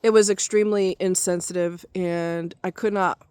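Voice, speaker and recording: A woman's voice: mid-range voice, expressive, moderate pace, no echo. A middle-aged woman ranting angrily in a vlog, swearing a lot and repeating herself for emphasis. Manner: heated, profane, repetitive ranting. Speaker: vlogger. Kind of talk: angry vlog rant.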